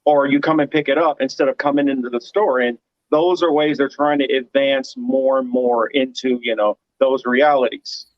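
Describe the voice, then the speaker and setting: A man's voice: mid-range voice, steady tone, moderate pace, no echo, dull audio. A man hosting a casual online panel chat, rambling with lots of fillers and restarts. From United States. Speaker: podcast host.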